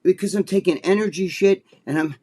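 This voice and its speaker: A man with a New Jersey accent co-hosting a podcast, telling a long story in a rambling, profane, animated way. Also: high voice, brisk, crowd noise. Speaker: podcast co-host. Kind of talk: casual storytelling chat.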